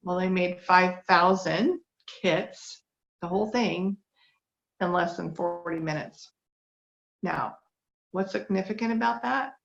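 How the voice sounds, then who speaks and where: A woman's voice: lowish voice, slow, creaky, pauses often. A middle-aged woman giving a heartfelt, faith-based talk, earnest and emotional, fighting back tears. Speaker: speaker sharing a testimony. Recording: dull lo-fi recording.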